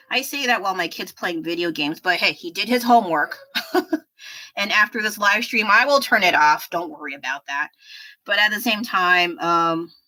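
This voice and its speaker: A woman's voice: fairly low pitch, bright, forceful tone, poor audio. A woman in her thirties chatting casually with viewers during a painting livestream, rambling and self-deprecating. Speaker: artist livestreaming while painting.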